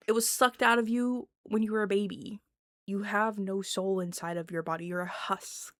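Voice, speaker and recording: A young woman talks straight into the mic in an excitable, profane vlog rant. She laughs often and breaks into whispered asides. The sound is dry and close, with no room around it. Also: mid-range voice, fairly quick, no echo. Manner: animated, swearing, laughing, swings between loud and whispered asides. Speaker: vlogger. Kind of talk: casual ranting monologue.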